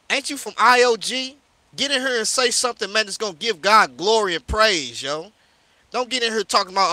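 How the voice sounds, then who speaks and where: A man's voice: high voice, moderate pace, bright, forceful tone, dry recording. A man from St. Louis, a street preacher on a livestream, confrontationally scolding a listener and repeating "yo" and "you know what I'm saying.". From St. Louis, USA. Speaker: street preacher hosting a live discussion. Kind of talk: heated livestream rant.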